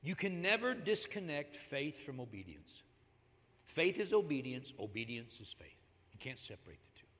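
A man preaching a sermon in a church, conversational and animated, acting out the stories as he goes. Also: medium pitch, moderate pace. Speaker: pastor. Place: church sanctuary. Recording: echoey hall.

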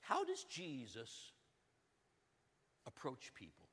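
A man preaching a sermon as pastor, swinging between loud urgency and hushed, drawn-out emphasis. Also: medium pitch, huge pitch swings, slightly rough. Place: church sanctuary. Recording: long hall reverb.

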